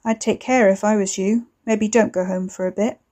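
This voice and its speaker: A woman's voice: mid-range voice, steady tone, moderate pace, mellow, lightly acted. A woman voicing a cocky young man who mocks and taunts his cousin over the phone. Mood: taunting. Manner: smug, mocking, drawling.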